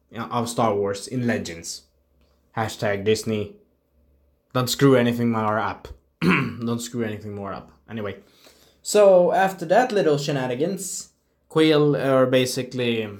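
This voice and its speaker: A man casually reviewing a show, rambling with fillers and self-corrections and acting out characters' lines. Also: mid-range voice. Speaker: video reviewer.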